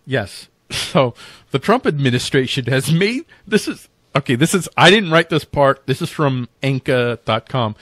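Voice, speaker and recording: A man's voice: medium pitch, lively intonation, moderate pace, no echo, studio quality. A man co-hosting a casual political talk show, reading news aloud and joking about it. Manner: joking, reads news aloud then riffs with shouted mock voices. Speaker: co-host.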